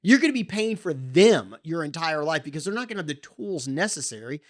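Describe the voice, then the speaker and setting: A podcast host delivers a heated, opinionated monologue. The pitch swings all over the place, lively and animated. Sentences keep restarting and stumbling over repeated words as the passion builds. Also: brisk. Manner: impassioned, gets worked up, many restarts and repeated words.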